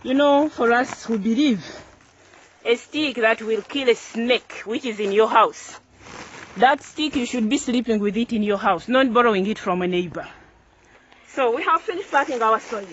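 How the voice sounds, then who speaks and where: A woman's voice: a little high, a bit bright, slight background noise. A woman farmer hosting her own channel, showing in a casual tutorial how to plant crops outdoors. She repeats phrases as she works with her hands and keeps her tone upbeat and instructive. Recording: dull lo-fi recording.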